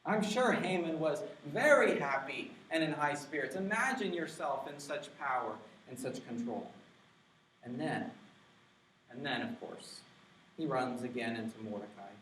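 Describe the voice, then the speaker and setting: A male pastor preaching a sermon, stressing key words slowly and with emphasis. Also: mid-range voice, animated, fairly bright tone, slight background noise. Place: church sanctuary. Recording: echoey church from far off.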